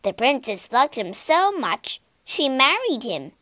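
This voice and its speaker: A woman voicing a talkative male crow who croaks "caw" as he speaks, in a slow, lively storybook reading. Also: sits high, dry recording, studio quality, exaggerated voice. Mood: chatty.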